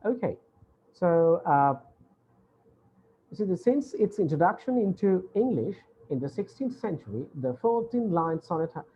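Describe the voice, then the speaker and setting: A man's voice: high voice, sing-song, normal speed, mellow, highs cut off, slight background noise. Man lecturing over a video call. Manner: explains patiently, repeating points with frequent "uh". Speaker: university English lecturer. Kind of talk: online lecture.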